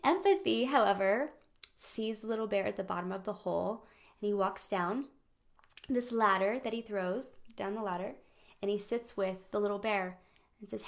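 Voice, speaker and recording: Gravelly-voiced woman teaching with animated asides. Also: mid-range voice, moderate pace. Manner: animated, laughs often, acts out quoted voices. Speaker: host of a friendship training. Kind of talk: casual live-stream teaching.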